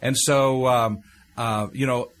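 A man's voice: mid-range voice, fairly even intonation, takes it slowly, fairly bright tone. A man with a Texan accent speaking earnestly and measuredly as a talk show host, repeating key phrases. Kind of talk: reflective talk-show chat.

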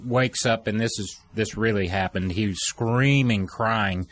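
A middle-aged man with a lowish voice recounts a dream with rising emotion. He slips into the voices of the people in his story, speeding up and slowing down as the tale grips him. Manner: animated storyteller, acts out quoted voices. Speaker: guest telling a testimony.

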